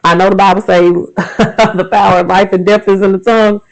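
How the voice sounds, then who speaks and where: A man's voice: sits high, a little fast, poor audio. A man in his thirties hosting a podcast, talking frankly and emphatically in a casual monologue about faith and everyday life. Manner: candid, emphatic, frank and animated. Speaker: podcast host.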